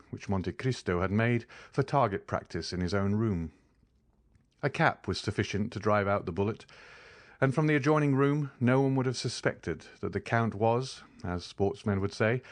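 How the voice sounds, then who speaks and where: A man narrating a classic novel in a measured audiobook reading. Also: lowish voice, no echo. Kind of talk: scripted narration.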